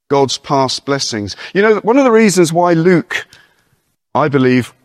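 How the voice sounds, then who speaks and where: A man preaching an earnest, encouraging sermon, reading scripture slowly and breaking off for informal asides and questions to his listeners. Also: a little high, no room sound, clean studio sound. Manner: reads verses aloud slowly and deliberately.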